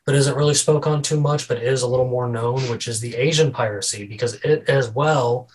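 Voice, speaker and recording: A man's voice: medium pitch, a little fast, husky, poor audio. A man hosting a casual podcast, talking loosely with repeated words and restarts. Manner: rambling, repeats words, tells corny jokes. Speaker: podcast host.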